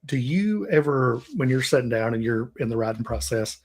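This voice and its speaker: A man's voice: medium pitch, animated, moderate pace. A man from Tennessee with a Southern US accent, hosting a casual livestream interview, rambling and laughing often. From Tennessee, USA. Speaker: livestream host.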